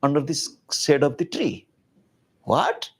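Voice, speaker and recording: A man giving a public spiritual talk, telling a story in an animated, conversational way with casual asides. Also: on the high side, a little slow, slightly rough. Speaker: spiritual teacher.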